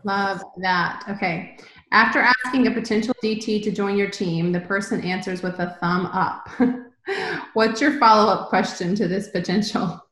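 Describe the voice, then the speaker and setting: A woman's voice: mid-range voice, a little slow, a bit bright, roomy sound. Friendly woman moderating a video call. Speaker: call moderator asking questions. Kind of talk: hosting a training call.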